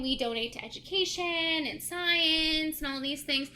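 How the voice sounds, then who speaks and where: A woman's voice: high voice, moderate pace, pushed and bright. A young woman co-hosting a book podcast, recapping a novel's plot in casual chat and acting out the characters' lines as she goes.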